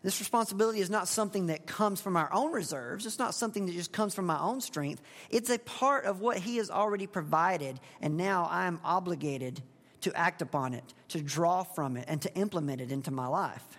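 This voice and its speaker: A man's voice: high-pitched, fairly quick, a bit bright. Man preaching in a reverberant hall. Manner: conversational, asks the congregation questions. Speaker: pastor. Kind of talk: expository sermon.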